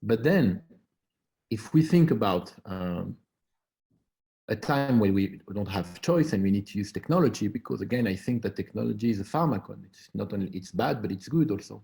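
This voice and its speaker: A man with a low, warm and mellow voice, talking on a video call as an artist on a panel. He speaks slowly and reflectively, often pausing to find his words. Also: animated, creaky. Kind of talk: academic panel discussion.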